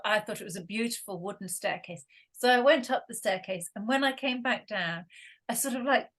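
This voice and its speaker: Chatty Scottish woman, fairly high voice. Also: fairly bright tone. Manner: chatty storyteller, laughs often. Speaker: guest. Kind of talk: casual conversation.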